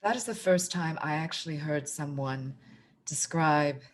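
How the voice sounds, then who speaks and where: Slow low-voiced woman host. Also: slight background noise. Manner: slow, measured and affirming. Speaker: podcast host. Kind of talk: interview questions and feedback.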